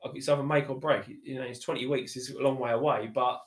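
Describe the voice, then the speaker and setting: A man's voice: medium pitch, fairly even intonation, quick pace. A man, a podcast guest telling his story in a chatty, rambling way with many fillers. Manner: chatty, repeats himself, many fillers like "you know" and "literally". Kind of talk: casual conversational storytelling. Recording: roomy echo.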